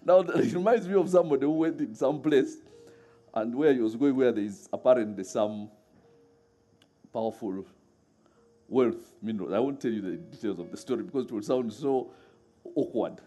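A middle-aged man preaching a sermon in a lively way, laughing often and acting out voices as he tells stories. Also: medium pitch, normal speed, long pauses.

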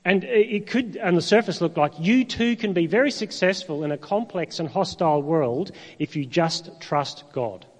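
A middle-aged man preaches in a conversational manner, tossing in rhetorical questions and dramatic pauses. His voice sits a little high. It rings out with a long reverb, as if in a large hall. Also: expressive. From Northern Ireland. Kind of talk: sermon.

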